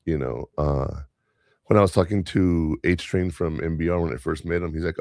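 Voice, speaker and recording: A man's voice: very deep voice, fairly even intonation, moderate pace, vocal fry, darkish tone, no room sound, clean studio sound. A man hosting a podcast, telling workplace stories in a casual, rambling way with lots of fillers and restarts. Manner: chatty storyteller, many fillers and restarts. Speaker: podcast host. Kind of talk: casual chat.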